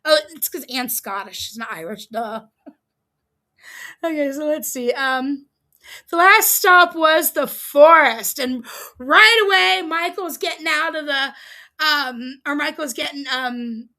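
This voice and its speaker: A woman's voice: high voice, slow pace, bright, forceful tone. A woman hosting a livestream, casually recapping a reality show episode, chatty and amused with frequent ums and laughs. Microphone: streaming setup, close mic.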